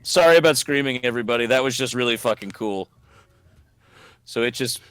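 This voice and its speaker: A man playing a tabletop game, excitable and swearing freely. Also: mid-range voice, fairly quick, clean tone, dry recording. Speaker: player. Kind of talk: casual chat at a tabletop game.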